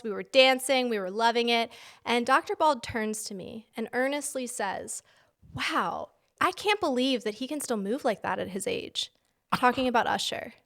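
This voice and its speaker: A woman co-hosting a podcast in casual chat, telling animated stories and acting out quotes. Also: a little high. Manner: animated storyteller, acts out quotes. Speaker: podcast co-host. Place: home basement.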